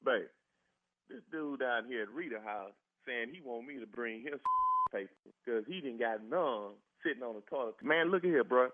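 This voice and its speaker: A man's voice: mid-range voice, moderate pace, dry recording. Exasperated man laughing over a phone. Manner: exasperated, keeps laughing in disbelief. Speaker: prank call target. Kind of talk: phone conversation. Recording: tinny phone line.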